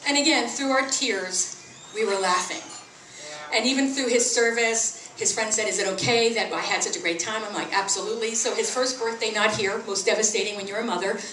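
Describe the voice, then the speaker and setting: A middle-aged woman performing stand-up comedy at an open mic, telling stories and acting out what people said. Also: a little fast. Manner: animated, acts out quoted voices with big pitch jumps. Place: small tea house open mic. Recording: roomy sound, from far off the mic.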